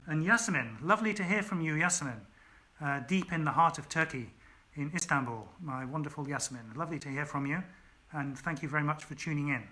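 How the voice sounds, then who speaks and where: A man's voice: fairly high pitch, sharp tone. A man, an author, reading his story aloud and then chatting casually with viewers on a home livestream, full of ums. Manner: chatty, many ums, thanks viewers by name. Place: at home during lockdown.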